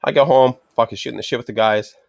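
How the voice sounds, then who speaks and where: A man's voice: mid-range voice, steady tone, quick pace, gravelly, no room sound, highs cut off. A middle-aged man telling a frustrated story in casual chat, swearing constantly and ranting. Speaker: podcast host.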